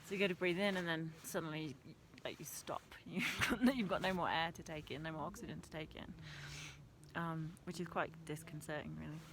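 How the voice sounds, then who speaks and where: A woman's voice: sits low, steady tone, brisk, noisy background. Chatty woman musing on a mountain trek. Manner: chatty, laughs often, self-deprecating. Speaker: vlogger. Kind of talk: casual reflective vlog. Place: mountain trail outdoors.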